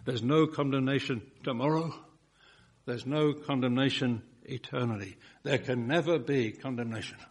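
Husky-voiced preacher, emphatic sermon. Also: male voice, medium pitch, fairly even intonation, normal speed. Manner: emphatic preaching, swelling and dropping to soft repeated phrases.

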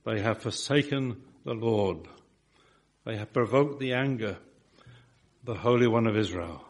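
Slow, emphatic male preacher. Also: fairly low pitch. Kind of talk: sermon.

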